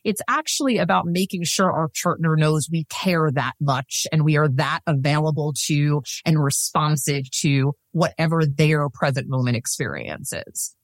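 A woman with a fairly low voice speaks in a podcast interview, earnest and emphatic, hammering home her main points. She laughs easily but stays serious. The sound is dry and close, with no room around it. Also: normal speed, few pauses, no room sound. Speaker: sex and intimacy coach, podcast guest.

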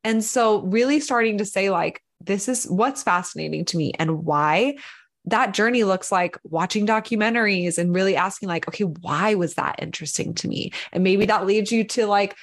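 A woman at an ordinary mid pitch, talking in a relaxed podcast conversation. She explains ideas earnestly and keeps slipping into acted-out quotes of what people might say. Her speech is loose and flowing, sprinkled with "like.". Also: normal speed.

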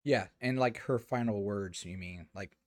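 A man co-hosting a casual movie review chat, speaking in a measured, hesitant way with many fillers. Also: lowish voice, no echo, clean studio sound. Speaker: podcast co-host.

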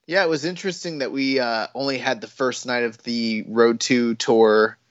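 A man's voice: medium pitch, steady tone, moderate pace, no echo, dull audio. A man co-hosting a casual wrestling podcast, talking in rambling runs full of fillers and restarts. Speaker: podcast co-host.

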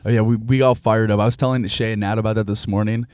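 A young man hosts a loose podcast conversation, words tumbling out quickly and excitedly. His voice sits a little low. The sound is dry and close. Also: smooth, no room sound. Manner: fast, excitable, swears a lot. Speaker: podcast host. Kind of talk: casual chat.

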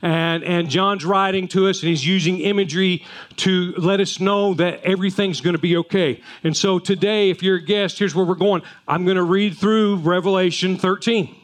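High-voiced pastor preaching. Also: male voice, steady tone, normal speed. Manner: folksy storytelling with repeated restarts. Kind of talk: sermon.

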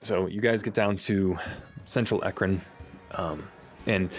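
A man narrating as game master of a tabletop game, lively and halting, with many fillers. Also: low voice, slightly rough, faint music behind.

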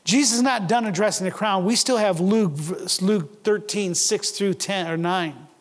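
A high-pitched man preaches a sermon with earnest conviction. He stumbles over his openings, doubling words, and he presses his listeners with rhetorical questions. His voice rings out with a long reverb, as in a large church sanctuary. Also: normal speed. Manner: earnest, asks rhetorical questions, repeats words when starting a phrase. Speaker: pastor.

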